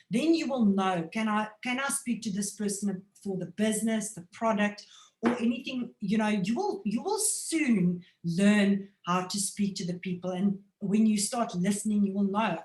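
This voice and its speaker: Lively woman coaching, echoey room. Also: medium pitch. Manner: animated, acts out phone calls in quick voices. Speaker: network marketing trainer. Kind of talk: motivational training talk.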